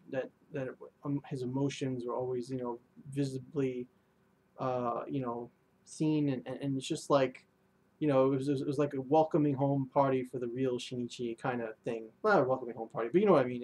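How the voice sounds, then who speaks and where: Young guy recapping an anime episode, rambly, says um and you know a lot, average pitch. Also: a little mellow. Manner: rambling, many fillers and restarts. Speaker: anime reviewer. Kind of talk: casual episode review.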